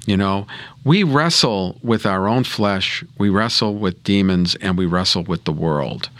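A man with a fairly low voice talks earnestly through a reflection on prayer and scripture. He restarts phrases and leans on "you know" as he goes. The sound is dry and close, with no room echo. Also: fairly bright tone. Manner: earnest, repeats words and says "you know" often. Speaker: co-host of a Catholic scripture reflection show.

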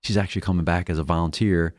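A man's voice: deep voice, very fast, dry recording, clean studio sound. A man co-hosting a faith reflection show, telling a story in casual chat and acting out the voices of the people in it. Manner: animated storyteller, acts out quoted voices, restarts often.

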